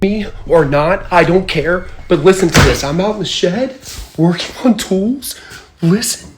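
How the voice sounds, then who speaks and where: A man filming himself on a phone in his cluttered shed. He swings between hushed whispers and alarmed outbursts. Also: high voice, lively intonation, unhurried, a little hiss or hum. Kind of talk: frightened phone video. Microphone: phone held while filming.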